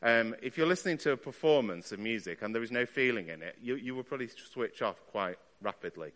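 A man's voice: mid-range voice, animated, fairly quick, a bit bright. Male preacher, chatty sermon delivery, voice ringing in a long church reverb. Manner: conversational, asks the listeners rhetorical questions.

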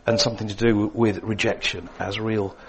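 A man preaching a sermon, swinging between emphatic lines and hushed, quiet ones. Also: on the low side, flat delivery, normal speed.

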